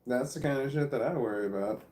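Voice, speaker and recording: Talking fast in a slightly mellow, medium-pitched voice, a Midwestern American vlogger rambles on, makes fun of himself, and forgets where he was going. The room is echoey, and a phone or camera nearby does the recording.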